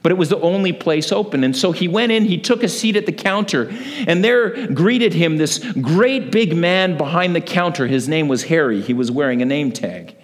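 A man preaching a sermon as a pastor, telling a story with lively acted-out voices. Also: fairly high pitch, moderate pace.

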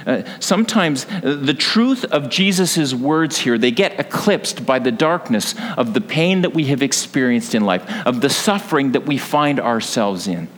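A man's voice: mid-range voice, expressive, normal speed, hardly any pauses, a bit bright, big-room sound, slight background noise. A man preaching a sermon as pastor, earnest and building to passionate emphasis.

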